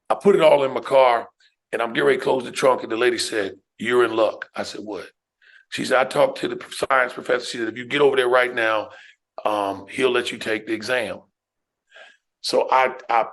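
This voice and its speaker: Animated middle-aged storyteller man. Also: mid-range voice. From New York, USA. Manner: emphatic, animated storyteller who addresses the listener with "man" and "right?". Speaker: guest, educator and speaker. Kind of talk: personal storytelling on a podcast.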